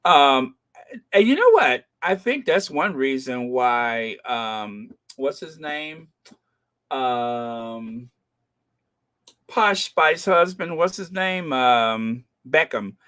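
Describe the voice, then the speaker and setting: American guy talking slow, rambly and jokey, lots of ums, just chatting about the royals. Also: mid-range voice, expressive, sharp tone, clean tone. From United States. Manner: chatty, rambling, joking asides with many fillers. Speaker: host of a royal news channel. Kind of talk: casual commentary.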